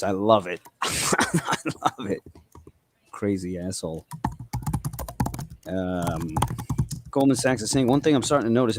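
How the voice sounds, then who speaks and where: A man with a New England accent and a lowish voice chats loosely on a live market stream. He swears, teases his co-hosts and reads viewer comments out loud, while keys clatter faintly nearby. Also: background noise. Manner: profane, bantering, reads chat aloud. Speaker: livestream trading host. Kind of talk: casual live market chat.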